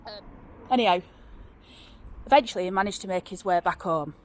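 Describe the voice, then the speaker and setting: Her mid-range voice moves briskly. Telling ghost stories of the area while outdoors next to a road, this Northern English woman chats loosely, restarting often and leaning on fillers.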